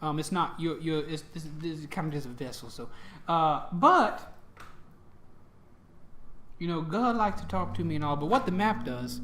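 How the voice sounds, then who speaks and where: A man's voice: a little high, moderate pace, long pauses, fairly bright tone, natural voice. A man voicing a mischievous male gnome god of humor, chummy and rambling, in a tabletop game. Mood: playful.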